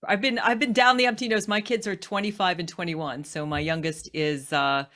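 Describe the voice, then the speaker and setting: A woman's voice: fairly low pitch, fairly even intonation, normal speed, a bit bright. A woman in her fifties hosting a podcast interview, asking questions in an encouraging, reflective way. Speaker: podcast host.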